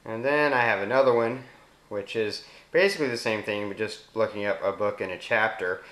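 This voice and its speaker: A man with a Southern US accent casually explaining a phone app, speaking voice commands slowly and clearly in between. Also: on the low side, a bit bright. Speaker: app demonstrator. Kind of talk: casual screen demo narration. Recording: roomy echo.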